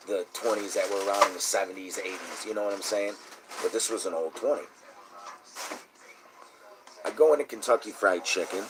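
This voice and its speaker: A man's voice: low-pitched, noisy background. A man telling a long, profane, indignant story in casual talk. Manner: indignant, profane, rising to shouting. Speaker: host.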